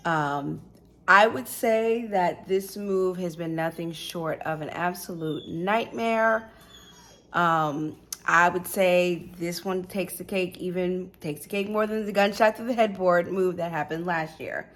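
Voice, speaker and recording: A woman giving a casual update to her camera, talking in a relaxed way with filler ums. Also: lowish voice, a little slow. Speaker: vlogger.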